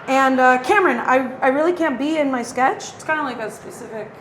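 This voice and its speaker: Bright, high-voiced woman, giggly. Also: a little fast, a little hiss or hum. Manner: giggly, self-deprecating, rambling. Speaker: comedy contestant. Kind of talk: casual chat and sketch acting.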